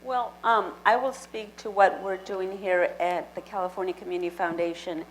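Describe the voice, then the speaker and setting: A woman's voice: medium pitch, steady tone, moderate pace, a little hiss or hum, poor audio. A woman on a panel who heads a community foundation, answering in a composed, matter-of-fact way.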